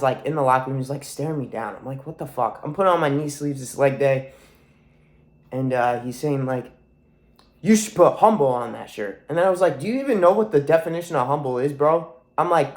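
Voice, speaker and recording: A young man in his twenties, his throat sore and his nose stuffy, talks in a soft voice that sits a little high for a man. He rambles to camera in a profane, emphatic way, swearing often and repeating himself. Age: 20s. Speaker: vlogger. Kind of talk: casual monologue to camera.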